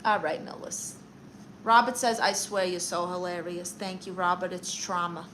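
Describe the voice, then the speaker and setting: A woman's voice: on the low side, fairly even intonation, fairly bright tone, a little hiss or hum, lightly acted, poor audio. A woman playing a brash, vain aunt who calls herself a therapist, bantering and boasting as she reads out chat on a livestream. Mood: sassy. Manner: sassy, boastful, fast comebacks. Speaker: livestream comedian reading chat.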